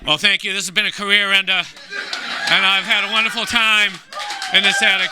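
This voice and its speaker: A man performing a stand-up comedy set as guest comedian, gruff and wisecracking, slipping into voices. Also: high voice, little pitch movement, fairly quick, crowd noise, background noise. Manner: gruff, wisecracking storyteller who slips into voices. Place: small live venue.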